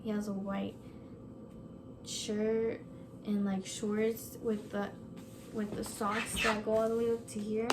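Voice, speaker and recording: A woman telling a ghost story in a casual storytime vlog, animated, full of "like" and swearing freely. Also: mid-range voice, slow pace, long pauses, background noise. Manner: animated, swears, lots of "like" fillers. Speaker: vlogger.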